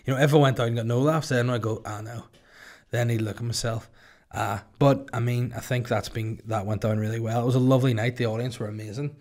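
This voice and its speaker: Jokey Northern Irish podcast host. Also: male voice, medium pitch, quick pace. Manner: jokey, rambling, deadpan asides. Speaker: podcast host and stand-up comedian. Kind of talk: casual solo podcast chat.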